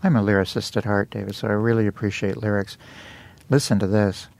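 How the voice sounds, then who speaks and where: A man's voice: lowish voice, level tone, gravelly, a little mellow, dry recording. Playful, chatty male host, dry sound. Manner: playful, chatty, quick to jump in. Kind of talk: casual studio talk. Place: studio.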